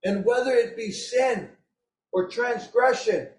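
A man preaching an impassioned, emotional sermon, raising his voice to a shout at its peaks. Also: very high-pitched, takes it slowly. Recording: roomy echo.

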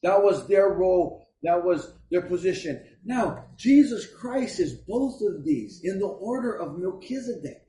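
A man's voice: sits high, darkish tone, a little hiss or hum. A middle-aged man preaching a sermon as pastor, talking in an emphatic, conversational way. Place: church. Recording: echoey room, voice from a distance.

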